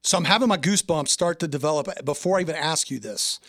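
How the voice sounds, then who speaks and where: A man's voice: a little high, fast, a bit bright, no echo, studio quality. A man hosting a podcast interview who asks enthusiastic, rambling questions. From Indiana. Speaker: podcast host. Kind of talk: conversational interview.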